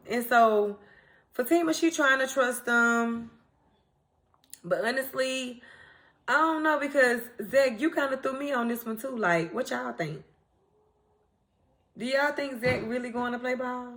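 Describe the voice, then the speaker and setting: A woman, recapping a TV episode to viewers in a casual, animated way, acting out characters' lines and laughing often. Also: on the high side, unhurried, long pauses. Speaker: TV recap host.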